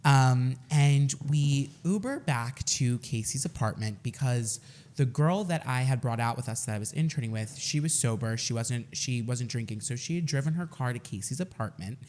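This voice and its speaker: Animated young man telling a story. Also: mid-range voice, moderate pace. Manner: animated, self-mocking, laughing through the story. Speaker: podcast co-host. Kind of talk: casual storytelling chat.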